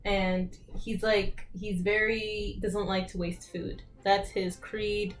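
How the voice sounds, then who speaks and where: A woman co-host talks through an episode recap in a loose, chatty way, jumping into playful voices for the characters she quotes and laughing along the way. Her pitch sits in a middle range for a woman. Faint music plays softly behind her. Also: takes it slowly, rough recording. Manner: animated retelling with acted-out quotes and frequent laughter. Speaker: podcast co-host.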